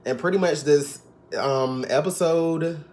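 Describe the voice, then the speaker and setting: Man, recap vlogger, sassy gossip, slightly high voice, casual chat. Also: slow pace, a little mellow.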